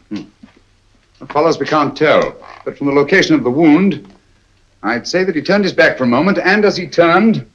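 An actor playing a cool, precise middle-aged detective in a 1940s film, speaking in clipped, deductive sentences. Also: male voice, medium pitch, a bit bright, slight background noise. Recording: dull old film soundtrack.

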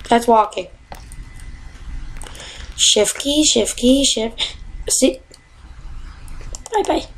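A woman giving casual, excitable commentary while playing a video game at home, often exasperated and yelping at tough jumps. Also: on the high side, low-quality recording. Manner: exasperated, excitable, yelps and gasps. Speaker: gamer.

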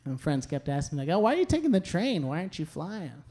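A young man performing a stand-up comedy set on a club stage, telling stories in a deadpan way with punchy asides. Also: on the high side, fast. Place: comedy club stage before a live audience. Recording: live show with audience laughter.

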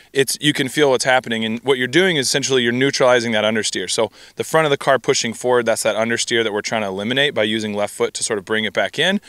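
A man working as a rally driving instructor, explaining technique in a relaxed, conversational way. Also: medium pitch, clear, resonant tone, no room sound.

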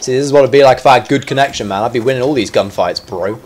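A man's voice: medium pitch, very fast, a little mellow, slight background noise. A man giving live commentary over his own gameplay. He chats in a self-mocking way, then yelps and squeals at sudden moments. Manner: chatty and self-mocking between fights.

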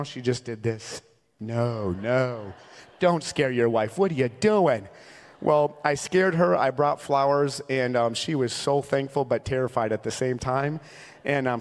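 A man in his thirties from Minnesota, a traveling evangelist preaching a sermon with humorous, conversational storytelling. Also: mid-range voice. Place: large church sanctuary. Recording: long reverb from a large church hall.

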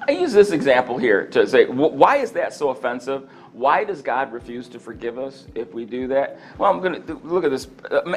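A man teaching a sermon on a parable in a conversational, animated way, acting out the quotes and chuckling between points. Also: mid-range voice. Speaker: Bible teacher.

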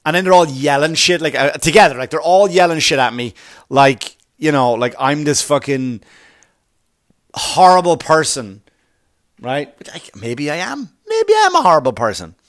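A man's voice: on the high side, sing-song, moderate pace, fairly bright tone, no room sound, studio quality. A man hosting a comedy podcast, telling a story as a profane, exasperated rant with asides to his listeners. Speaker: podcast host.

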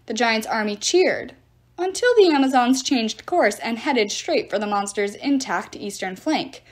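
A woman reading a novel chapter aloud with expressive storytelling. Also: a little high, unhurried. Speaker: reader.

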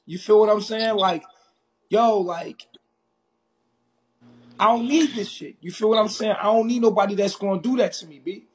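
A man from Harlem with a New York accent, ranting intensely and confrontationally on a live stream, loud and in your face. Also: high voice, moderate pace, long pauses. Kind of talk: heated live stream rant.

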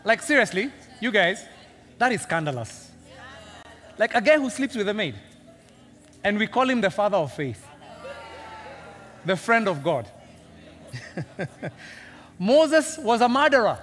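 A Kenyan man preaching with a high, lively voice that leaps around as he acts out characters and jokes with the congregation. His sermon rings with long reverb through a large church hall. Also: slow pace, pauses often. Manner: animated and humorous, acting out characters, laughing often. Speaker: senior pastor.

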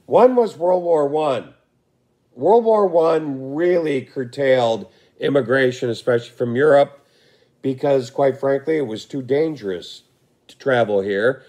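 Man, hoarse, history lecture, relaxed delivery, frequent fillers. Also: mid-range voice, unhurried. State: hoarse, losing his voice. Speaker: history teacher.

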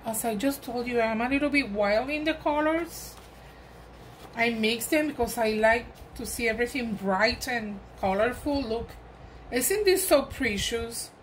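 Slow-talking woman, gushing over a gift, voice a bit high. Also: animated, a little hiss or hum, rough recording. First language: Spanish. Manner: gushing, exclamatory, enthusiastic. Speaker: crafting vlogger. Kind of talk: gift unboxing chat.

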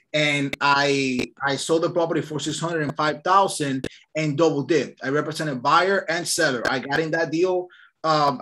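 Man, real estate trainer, lively storyteller, bright forceful tone, slightly high voice, video call. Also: slight background noise. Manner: lively storytelling, casual and upbeat. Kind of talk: casual online training session.

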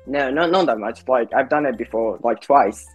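A man's voice: medium pitch, moderate pace, husky, soft background music. A young man from Japan, a native Japanese speaker with a mixed American and British accent, chatting hesitantly on a video call with many fillers. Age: young adult. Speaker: YouTuber doing a prank lesson. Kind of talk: casual chat on a video call.

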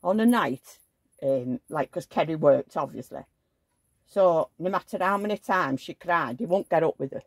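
An older woman vlogs in a deep, animated voice at a moderate pace, telling rambling, chatty stories full of asides. The casual chat is recorded with clean studio sound and no echo.

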